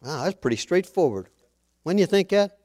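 A man preaching a sermon, reading scripture aloud and swelling louder on the quoted words. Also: sits high, lively intonation, moderate pace.

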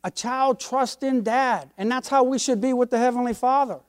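A man's voice: very high voice, normal speed, clear, resonant tone. An older man, a pastor, preaching a sermon with emphatic, folksy delivery and homespun stories.

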